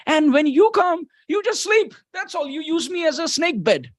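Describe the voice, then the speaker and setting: Man voicing a teasing, high-pitched divine brother. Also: expressive, normal speed, no echo, studio quality. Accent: Indian. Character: playful divine elder brother teasing Krishna.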